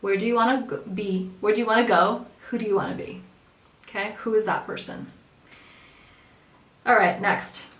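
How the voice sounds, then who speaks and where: A woman's voice: medium pitch, fairly even intonation, normal speed, long pauses, a bit bright. A woman coaching in an earnest, conversational way, sometimes acting out the voices of people she quotes. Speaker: spiritual coach. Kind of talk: casual spoken coaching talk. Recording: echoey room, mic at a distance.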